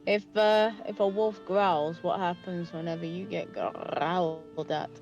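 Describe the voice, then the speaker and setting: Woman gaming buddy, unhurried delivery, crude teasing banter. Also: fairly low pitch, steady tone, a little mellow, muffled recording, faint music behind. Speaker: co-player on stream. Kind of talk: casual voice chat.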